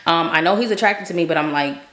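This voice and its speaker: A young woman talks quickly in a chatty, casual storytelling way, tossing in fillers and asking "right?" as she goes. Her voice sits a little low. The recording picks up a roomy echo. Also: a bit bright. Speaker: faith vlogger. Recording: roomy echoey room.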